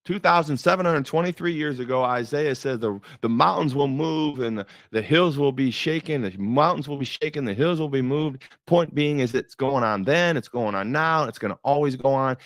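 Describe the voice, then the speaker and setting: A man's voice: mid-range voice, moderate pace, hardly any pauses, a bit bright, no room sound. A middle-aged man giving a faith-based motivational talk, emphatic and repetitive with a preacher-like cadence. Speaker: motivational speaker.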